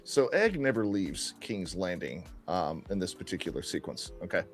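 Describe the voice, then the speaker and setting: A man's voice: sits low, big pitch swings, normal speed. A man co-hosting a casual podcast, talking loosely and jokingly, swearing and restarting his sentences. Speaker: podcast co-host.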